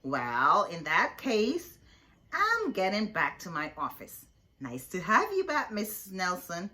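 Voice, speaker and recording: A woman's voice: mid-range voice, huge pitch swings, slow, sharp tone, full character voice. A woman voicing a fussy, formal male school principal in a read-aloud storybook. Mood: prim.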